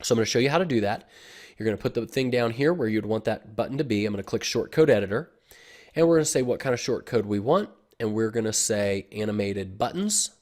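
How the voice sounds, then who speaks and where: A man giving a casual screen-recorded software tutorial, explaining step by step with frequent fillers and "okay?" check-ins, recorded on a desktop computer mic. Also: fairly low pitch, lively intonation, fast. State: has the hiccups. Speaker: online marketing tutor.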